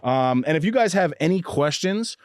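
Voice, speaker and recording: A man's voice: a little high, animated, moderate pace, no room sound. Upbeat man hosting a podcast, dry sound. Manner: upbeat, hyped shout-outs, frequent fillers and restarts. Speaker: podcast host. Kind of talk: casual podcast chat. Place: podcast booth.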